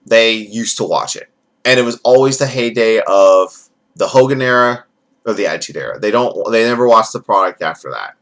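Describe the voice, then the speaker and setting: A man's voice: on the low side, expressive, normal speed, fairly bright tone. A man giving a rambling, profane, jokey recap as a casual wrestling event reviewer.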